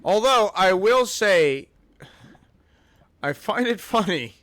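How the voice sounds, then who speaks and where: A man's voice: high voice, animated, takes it slowly, fairly bright tone, dry recording. A man chatting casually and teasingly with friends while streaming a game. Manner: teasing, playful. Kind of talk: casual chat while gaming. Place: home, streaming.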